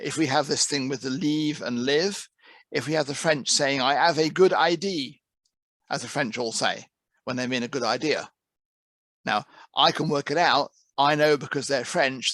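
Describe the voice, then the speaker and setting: A man with a medium-pitched, fairly bright voice, heading and teaching an interpreting course, speaks conversationally to trainees. Words get repeated as he restarts his thoughts, and the audio has no room sound.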